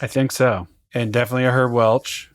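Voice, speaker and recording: A man's voice: medium pitch, level tone, fairly quick. A man co-hosting a podcast, joking around in casual chat. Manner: playful and jokey. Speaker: podcast co-host.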